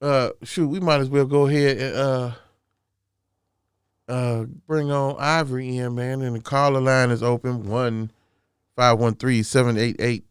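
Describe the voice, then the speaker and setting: A man hosting a casual comedy show, teasing his co-host and halting with frequent fillers. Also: mid-range voice, fairly even intonation, clean tone, no echo, studio quality.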